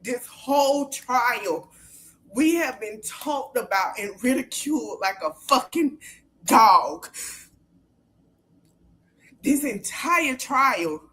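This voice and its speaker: A female podcast host with a slightly high voice unloads in a furious, foul-mouthed livestream rant, hammering phrases through repetition and erupting into shouting.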